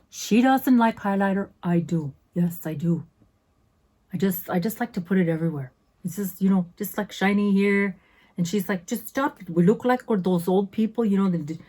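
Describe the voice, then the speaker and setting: With a warm, medium-pitched voice, a woman in her fifties chats casually while unboxing products as a beauty vlogger. She is sassy and keeps interrupting herself with asides.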